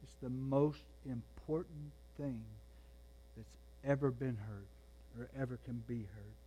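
A man preaching a sermon, moving between quiet, intense passages and raised, emphatic ones. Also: mid-range voice, fairly even intonation, a little slow, slight background noise. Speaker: pastor.

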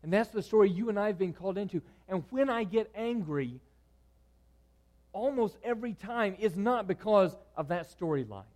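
A man preaching a sermon, moving between loud, emphatic lines and hushed, quiet ones. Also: sits high, animated, normal speed. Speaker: pastor.

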